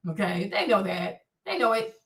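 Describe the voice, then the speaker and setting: A woman's voice: mid-range voice, sing-song, moderate pace, far from the mic, background noise. A woman hosting a live stream, answering chat in a profane, taunting, repetitive rant. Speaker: livestream host. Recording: echoey room, away from mic.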